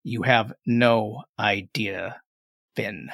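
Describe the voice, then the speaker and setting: A man voicing a smug, menacing male tiefling in a tabletop game, speaking slowly and quietly with a knowing tone. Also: fairly high pitch, big pitch swings, dry recording, pitched above the performer's own voice.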